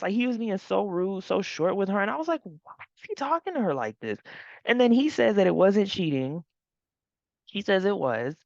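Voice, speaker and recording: A woman's voice: on the low side, no echo, highs cut off. A woman host recapping a reality TV episode in casual commentary, chatty and laughing often.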